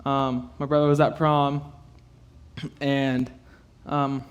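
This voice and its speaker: The recording is muffled as a young man, nearly in tears, gives a halting personal testimony to a youth group. His mid-range delivery is flat, packed with fillers and nervous laughs.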